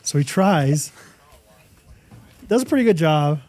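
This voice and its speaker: A young man co-hosting a podcast spins an animated hunting tale, full of fillers, in easygoing conversation. Recorded on a studio mic with no room sound, his fairly high voice takes its time.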